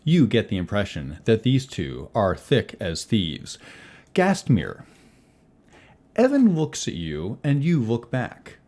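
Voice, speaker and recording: A man narrating a tabletop role-playing game as game master, theatrical and animated. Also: fairly low pitch, slow.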